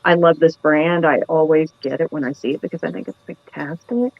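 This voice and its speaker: A woman's voice: low-pitched, steady tone, brisk. A tired woman hosts a live sale in a chatty, giggly way. The sound is dull and dry, with no room echo at all. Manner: chatty, giggly, describes items. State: tired from lack of sleep. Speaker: host of a live antiques sale. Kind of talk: casual live-sale chat.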